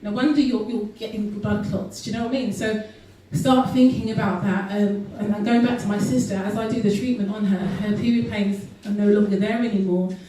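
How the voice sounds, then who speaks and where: A woman's voice: mid-range voice, fairly even intonation, fairly quick, hardly any pauses, warm tone, a little hiss or hum. Earnest woman in an echoey hall. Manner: earnest, with frequent ums and restarts. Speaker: guest speaker. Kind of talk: casual health talk to an audience. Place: event hall. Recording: echoey hall recorded from far off.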